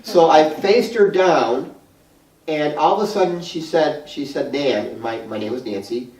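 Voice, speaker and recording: A man with a New York accent telling a long, animated story to a small group, rambling with restarts and laughter. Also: on the high side, a little slow. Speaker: guest speaker. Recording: roomy hall, mic far off.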